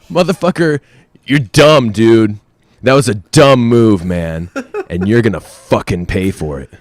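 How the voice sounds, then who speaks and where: A man's voice: no echo, close to an everyday voice. A man ranting as a furious self-proclaimed real celebrity. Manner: profane, threatening rant with mocking falsetto asides. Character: furious self-important man claiming a stolen identity. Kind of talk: comedic voicemail character.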